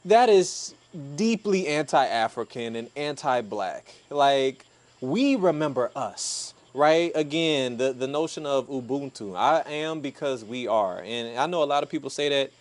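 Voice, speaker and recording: A man's voice: medium pitch, animated, measured pace. A man co-hosting a podcast, explaining his ideas in a thoughtful and emphatic way. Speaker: podcast co-host. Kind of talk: casual conversational discussion.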